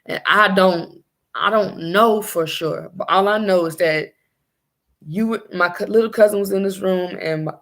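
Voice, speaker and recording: A young woman telling her own story as a mother in a personal vlog, halting and searching for her words. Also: mid-range voice, fairly bright tone.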